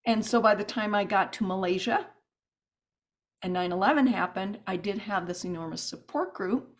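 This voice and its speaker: Animated woman telling travel stories. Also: medium pitch, moderate pace. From United States. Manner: animated, rambling with restarts and asides. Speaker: guest. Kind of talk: podcast interview storytelling.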